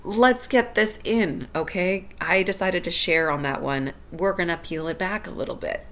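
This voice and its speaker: On her solo podcast, a woman reflects candidly and personally on her own life, often laughing and repeating her phrases. Her voice is on the low side with a fairly bright tone and a normal pace, with slight background noise.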